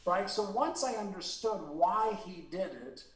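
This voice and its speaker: A man's voice: high-pitched, unhurried, roomy sound, recorded from a distance, low-quality recording. A middle-aged man from Israel telling a personal story in a candid interview, earnest and emotional, with frequent fillers and restarts. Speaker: interview guest.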